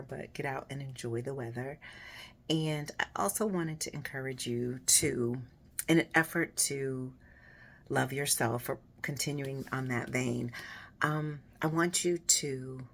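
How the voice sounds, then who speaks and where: A woman with a husky, raspy, hoarse voice talks casually and encouragingly to her viewers in a personal, unhurried way. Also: extremely low pitch, steady tone. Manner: warm, personal, unhurried with fillers. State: hoarse after voice surgery. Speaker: vlogger.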